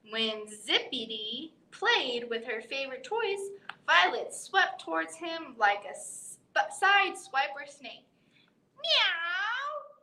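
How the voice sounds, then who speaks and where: A woman reading a bedtime picture book aloud to children in a library storytime, expressive and playful with animal sounds. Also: high voice, roomy sound, rough recording. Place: library room.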